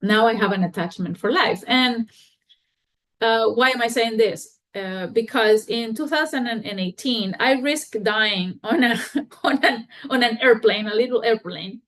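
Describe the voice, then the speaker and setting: A woman hosting a podcast, telling a personal story in a candid, halting and expressive way. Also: fairly high pitch. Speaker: podcast host.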